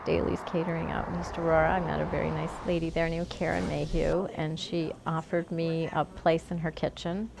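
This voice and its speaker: A woman's voice: deep voice, flat delivery, a little fast, creaky, few pauses, background noise. A middle-aged woman from Buffalo, a cookbook author, chatting while she cooks and recalls family meals. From Buffalo, New York. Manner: warm reminiscing, laughs often. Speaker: cookbook author and home cook. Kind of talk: cooking demonstration and interview. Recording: with music behind.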